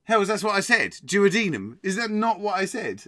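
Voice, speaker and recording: A man's voice: high voice, big pitch swings, moderate pace, fairly bright tone, no room sound, clean studio sound. An English man hosting a live-stream quiz, reading out items and laughing and joking with his viewers. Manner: reads quiz items aloud, laughs often, jokes with chat. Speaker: quiz host.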